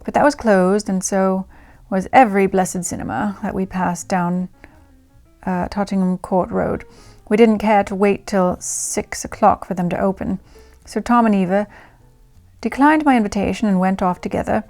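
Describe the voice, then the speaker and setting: A woman's voice: moderate pace, darkish tone, soft background music, lightly acted. A woman putting on a young 1920s English diarist. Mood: lively. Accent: English (put on). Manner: lowered voice, reading aloud. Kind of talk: diary reading in character.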